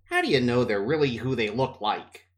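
A man reading the part of a feverish, sly young man who rasps out taunting, suspicious questions. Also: medium pitch, very animated, normal speed, lightly acted. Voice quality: hoarse, rasping.

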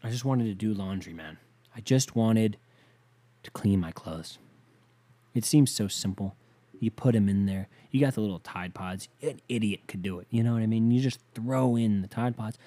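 A man hosting a podcast, ranting casually and profanely, sighing often and swinging between loud outbursts and low muttering. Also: moderate pace. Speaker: podcast host.

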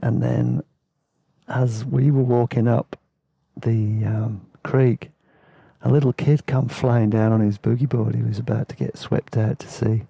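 A man's voice: mid-range voice, fairly even intonation, unhurried, vocal fry, warm tone, husky, dry recording. A man telling rambling travel stories in a laid-back, casual way, laughing now and then. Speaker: podcast host and storyteller. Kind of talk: casual spoken travel memoir.

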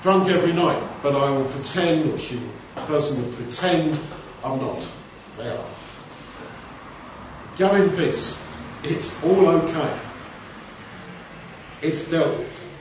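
Male preacher, conversational and rambling, somewhat high voice, recorded from a distance. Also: slow pace, long pauses, noisy background. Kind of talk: informal Bible teaching. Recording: echoey room, distant mic, dull sound.

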